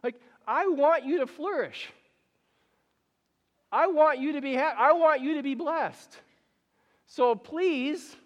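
A man preaching a sermon as a pastor, casual and conversational, acting out everyday examples with lively energy. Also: very high-pitched, slow pace, pauses often, big-room sound.

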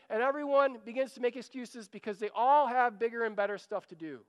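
A man's voice: very high voice, fast talker, few pauses, clean tone, long reverb tail. A man preaching a sermon, earnest and urging, often repeating a phrase as he pleads. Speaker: pastor.

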